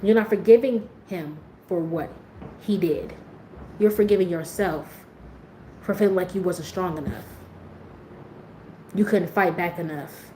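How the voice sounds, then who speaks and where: A woman's voice: fairly low pitch, measured pace, long pauses, warm tone, roomy sound, a little hiss or hum, rough recording. A woman hosting a livestream, speaking frankly and with plenty of swearing as she talks straight to her viewers in a candid, motivational way. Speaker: livestream host.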